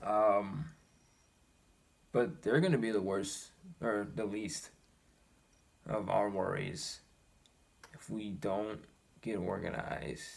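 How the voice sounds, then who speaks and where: A young man earnestly talking to his viewers, animated and exasperated, with his pitch climbing when he gets worked up. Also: slow pace, vocal fry, long pauses, husky. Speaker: vlogger. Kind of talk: personal commentary to camera.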